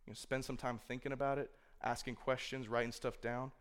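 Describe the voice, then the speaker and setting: This youth speaker talks fairly quickly in a clear, resonant, slightly bright mid-range voice with a level tone. Giving a casual sermon to a youth group in front of a live audience, he keeps it conversational, stuffs it with "like," and acts out imagined inner thoughts.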